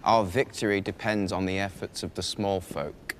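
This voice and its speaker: A man's voice: sits low, fairly even intonation, moderate pace, fairly bright tone, slight background noise. An actor playing an arrogant young king who speaks in an imperious, dismissive way. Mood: commanding.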